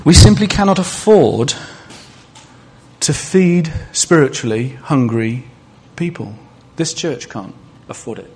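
A man's voice: fairly high pitch, expressive, slow pace, darkish tone, husky. A male preacher giving a sermon in a conversational way, asking the congregation questions and adding humorous asides.

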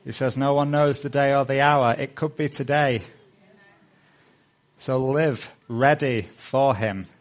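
A middle-aged male pastor preaching a sermon with earnest, rising appeals, then leading a hushed prayer. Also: mid-range voice, fairly even intonation, unhurried.

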